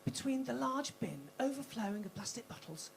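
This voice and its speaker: A woman's voice: a little high, expressive, normal speed, creaky. A woman putting on the whispered voice of an older male wildlife documentary narrator, in a whispered role-play. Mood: hushed.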